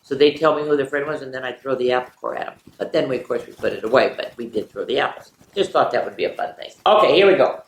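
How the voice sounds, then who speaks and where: An older woman, a retired teacher, reading picture books aloud to children in an animated way, with playful sound effects and chatty asides. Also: extremely low pitch, fast, few pauses. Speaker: children's story reader. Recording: echoey room with faint noise.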